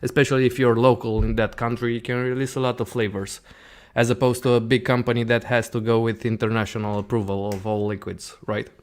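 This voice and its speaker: A man's voice: mid-range voice, brisk. A male host, a native Romanian speaker, leads the interview in English with a mid-range voice. He often recaps what his guest said and adds his own explanations before the next question. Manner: steady questioner, rephrases and summarizes the guest's points.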